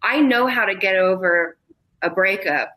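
A woman's voice: medium pitch, measured pace, bright, forceful tone, rough recording. A woman chatting as a podcast guest, rambling and restarting her sentences, laughing through painful memories. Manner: rambling, self-interrupting, laughs through grief. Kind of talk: casual chat.

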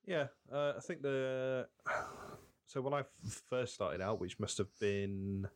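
A man's voice: medium pitch, fairly even intonation, takes it slowly, no room sound. A man co-hosting a casual podcast chat with dry, teasing humour. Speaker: podcast co-host.

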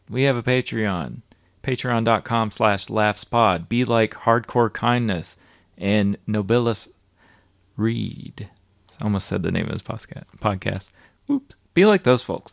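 A woman's voice: extremely low pitch, vocal fry, no room sound, clean studio sound. A woman co-hosting a podcast, chatting in a laid-back, rambling way and reading out listener thanks. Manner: laid-back, rambling, reads shout-outs. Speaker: podcast co-host. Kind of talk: casual chat.

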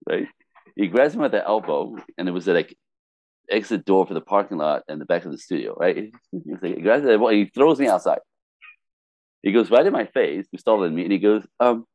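A man's voice: fairly low pitch, fairly quick, no echo. A middle-aged French Canadian man with a French Canadian accent, a podcast guest telling a story with lots of laughter and acted-out quotes. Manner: lively, laughs often, acts out quotes in different voices. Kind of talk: animated storytelling in a podcast interview.

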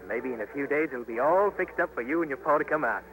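An actor playing an earnest young trapper with a plainspoken, folksy drawl, in a 1950s radio drama. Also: male voice, medium pitch, animated, fast talker, fairly bright tone, close to an everyday voice, poor audio. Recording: hissy 1950s radio broadcast.

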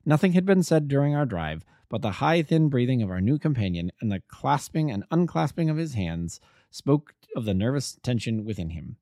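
Male narrator, audiobook reading, measured, mid-pitched, dry close sound. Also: big pitch swings, dark tone, dry recording. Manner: measured storytelling, voices the characters. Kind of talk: reading a classic detective story aloud.

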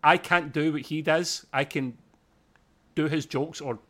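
A man's voice: a little high, steady tone, measured pace, fairly bright tone. A man co-hosting a podcast, telling a story in a chatty, self-deprecating way. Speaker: podcast co-host. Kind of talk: casual review chat.

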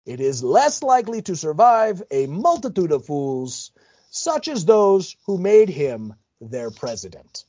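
Declamatory reader with a put-on Ukrainian accent, a man doing the voice, higher-pitched and lively, dull lo-fi sound. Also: a little slow, exaggerated voice. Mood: declaiming.

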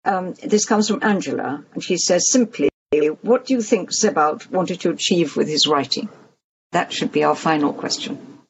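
Host, gravelly, brisk, Q&A moderator, lo-fi. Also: medium pitch. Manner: brisk, reads questions aloud. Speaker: event host reading audience questions. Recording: muffled lo-fi audio.

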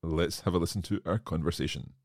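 A low-voiced man talks fast as the host of a language lesson podcast where he's learning Swedish. Self-deprecating and joking, he pokes fun at himself while discussing phrases with a teacher.

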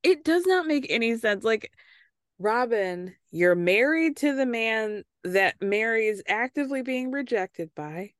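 A woman's voice: fairly high pitch, lively intonation, a little slow, dry recording, clean studio sound. A woman hosting a podcast, recapping a reality show in a casual, snarky way that is full of swearing and laughter. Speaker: podcast host.

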